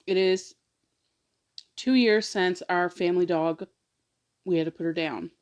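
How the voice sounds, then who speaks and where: A woman mukbang vlogger with a lowish, darkish voice talks at a measured pace. Her personal story comes out casual and rambling, full of "like" and emotional, confiding asides.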